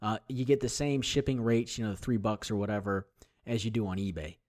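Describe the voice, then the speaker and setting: A man's voice: fairly low pitch, fairly even intonation, a little fast, a little mellow. A man hosting a solo hobby podcast, talking in a chatty, rambling way with plenty of fillers and restarts. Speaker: podcast host. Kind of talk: casual solo podcast talk.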